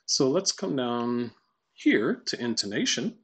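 A man walking through a software tutorial casually, thinking aloud and reading lines out to test them. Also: mid-range voice, big pitch swings, unhurried, husky. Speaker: tutorial presenter. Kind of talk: screen-recorded software tutorial.

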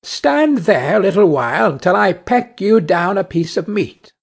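A man voicing a bold, vengeful female sparrow who scolds in a high, emphatic voice. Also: sing-song, a little slow, gravelly, heavily acted. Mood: friendly.

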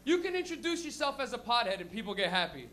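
A man doing a profane, animated stand-up routine at an open mic, acting out characters as he goes. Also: extremely high pitch, fast talker. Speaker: stand-up comedian. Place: comedy open mic in a crowded apartment.

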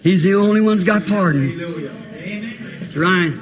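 Fervent high-voiced preacher, old tape. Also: male voice, a little slow, a crowd in the background. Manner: fervent, urgent, breaks into song. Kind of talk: sermon. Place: church with congregation. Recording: dull lo-fi 1960s tape.

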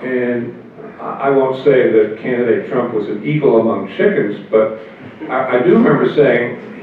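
Older male speaker at a convention Q&A, halting and measured, heard from far off in a big hall. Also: mid-range voice, slight background noise. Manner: halting, restarts words, measured. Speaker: convention speaker answering questions. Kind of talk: Q&A answers. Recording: echoey hall from far off over phone-like line.

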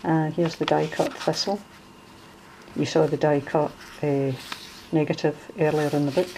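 A woman's voice: sits low, steady tone, unhurried, background noise. A middle-aged Scottish woman with a Glasgow accent, chatting casually as she shows off a handmade journal, with lots of fillers and restarts. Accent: Glaswegian Scottish. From Scotland. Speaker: crafter showing a junk journal. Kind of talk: casual show-and-tell.

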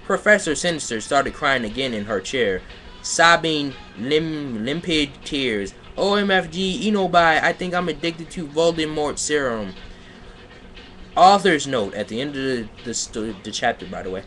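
A man's voice: a little high, animated, measured pace, fairly bright tone, soft background music. A man giving a comedic reading of a badly written story, breaking off to mock it in sarcastic asides. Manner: sarcastic, breaks off to rant and laugh. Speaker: reader mocking a fan fiction. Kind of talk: comedic dramatic reading with commentary.

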